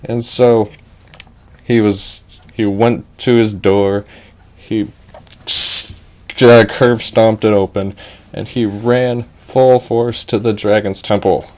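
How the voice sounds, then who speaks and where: A man's voice: lowish voice, steady tone, slow pace. A man improvising a goofy comic story in a rambling, offhand way, breaking off for asides.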